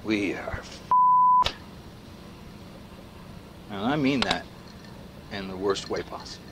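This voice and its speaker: An actor playing a paranoid male pundit in video game dialogue, ranting against machines and swinging from hushed whispers to shouts. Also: on the low side, huge pitch swings, normal speed, gravelly, background noise, heavily acted.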